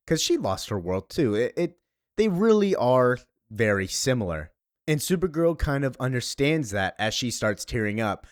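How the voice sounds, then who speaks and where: Male comic reviewer, animated and casual, with a dry recording. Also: medium pitch, normal speed, no echo.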